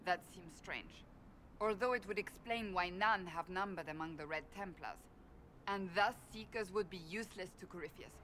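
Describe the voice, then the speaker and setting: A woman's voice: on the low side, bright, forceful tone, slight background noise. Woman reading as a stern female warrior. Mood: grave. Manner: grave, measured reading. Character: stern proud female warrior, grave and blunt.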